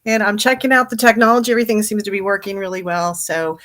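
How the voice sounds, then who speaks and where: A woman's voice: medium pitch, steady tone, fast, a bit bright. A middle-aged woman, a hypnotherapist and business coach, giving a chatty, upbeat live training talk and laughing easily.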